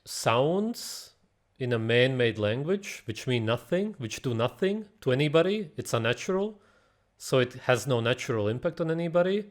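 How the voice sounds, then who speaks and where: A man's voice: mid-range voice, big pitch swings, normal speed. A man reacting to a video in casual, ranting commentary, blunt and mocking, swearing and often laughing in disbelief.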